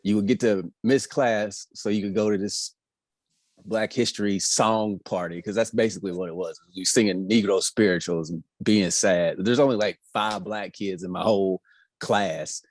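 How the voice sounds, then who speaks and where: A man co-hosting a podcast, telling exasperated school stories in an animated, casual way. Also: lowish voice, normal speed, no echo. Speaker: podcast co-host. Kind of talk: casual comedic chat.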